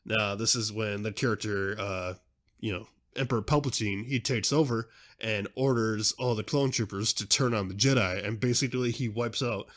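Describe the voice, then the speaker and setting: A young man hosting a podcast in a casual, excitable, rambling way, often interrupting himself mid-sentence. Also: lowish voice, moderate pace. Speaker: podcast host.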